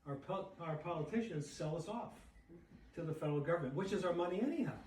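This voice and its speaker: A middle-aged or older man giving an animated talk at a society dinner, asking the audience questions. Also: on the high side, quick pace, a little hiss or hum. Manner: animated, asks the room questions. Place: banquet room with audience. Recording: echoey room, speaker far from mic.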